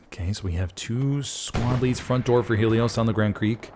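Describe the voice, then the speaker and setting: A man casting a competitive online shooter match play-by-play, folksy and excitable, jumping up in pitch at big plays. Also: normal speed, background noise. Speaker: esports caster. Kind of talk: play-by-play game commentary.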